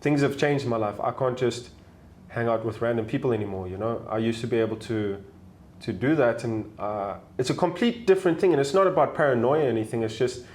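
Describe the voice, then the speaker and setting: A young man talks as a podcast guest, his plain in a mid-pitched voice. He speaks casually and haltingly, often restarting and repeating words as he looks for what to say. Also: darkish tone, a little hiss or hum. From South Africa. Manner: halting, repeats words while searching for phrasing.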